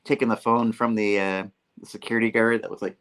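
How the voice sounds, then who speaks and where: A man hosting a casual comic book review, talking in a playful, animated way. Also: on the low side, fast, clean tone. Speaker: host.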